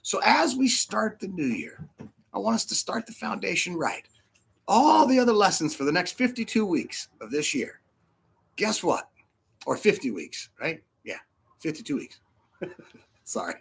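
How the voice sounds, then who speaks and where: A man preaching a casual sermon, short of breath with fluid in his lungs, animated and laughing often between soft asides. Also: high-pitched, normal speed, creaky, breathy edge. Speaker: pastor.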